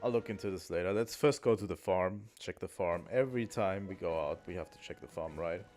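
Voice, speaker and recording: A man with a fairly low voice talks casually as he streams a video game, thinking aloud and pausing on ums. Faint game music plays underneath him. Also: a little mellow. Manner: musing aloud to himself, with frequent ums and restarts. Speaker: gaming streamer. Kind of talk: casual let's-play commentary.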